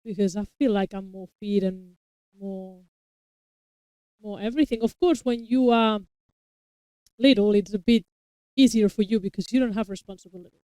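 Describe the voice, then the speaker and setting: Reacting to a TV episode as co-host, this mother of young children talks casually in long explanations, frequently restarting. Her mid-range, mellow voice has a clean tone and moderate pace with long pauses, on a dry but low-quality recording.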